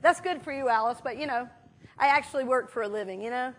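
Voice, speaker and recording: There's a slight hiss or hum as a woman minister preaches at a quick pace in a church sanctuary. High and bright, her voice carries an informal, animated sermon, with stories full of fillers told as if to friends.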